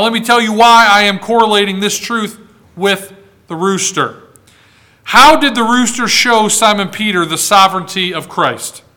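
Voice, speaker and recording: High bright-voiced male preacher. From United States. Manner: preaching with dramatic rises and hushed drops. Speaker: pastor. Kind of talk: sermon.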